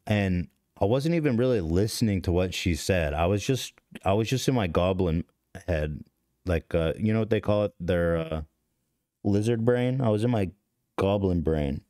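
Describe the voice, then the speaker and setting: A podcast host in his thirties has a low-pitched, mellow, expressive voice and talks at normal speed. In a dry, studio-quality recording, he tells a story to stream chat in a rambling, foul-mouthed, self-deprecating manner with frequent restarts.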